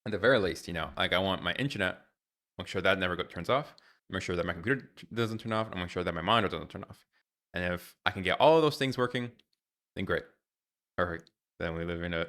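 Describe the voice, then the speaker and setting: A man's voice: deep voice, fast, a bit bright. A young adult man streaming live, ranting in an exasperated way with lots of fillers and restarts.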